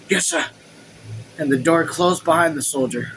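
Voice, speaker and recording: A man hosting a casual book read-along at home, reading the text and even the punctuation aloud, then breaking off into excited, swear-filled asides. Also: fairly high pitch, normal speed, long pauses, slight background noise, rough recording. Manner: reads quotes and punctuation marks aloud. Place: his room at home.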